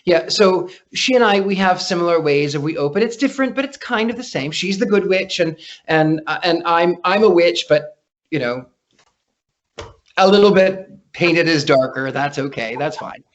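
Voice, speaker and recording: A man's voice: on the high side, lively intonation, moderate pace, lo-fi sound. A man talking as a guest psychic in a casual interview, telling stories with lots of restarts over a remote call. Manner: chatty storyteller, frequent restarts.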